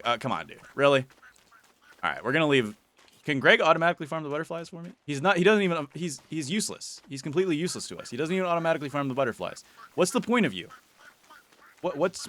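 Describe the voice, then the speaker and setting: A man's voice: on the high side, pushed and bright. A man giving casual, playful gameplay commentary as a YouTuber, teasing and chatting to the creatures in his game. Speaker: gaming YouTuber.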